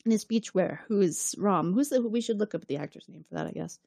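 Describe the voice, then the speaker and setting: A woman co-hosting a podcast in casual chat, recapping an episode with lively acted-out lines and frequent laughter. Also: medium pitch, a little fast, vocal fry, no echo. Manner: animated, acts out characters' lines, laughs often. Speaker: podcast co-host.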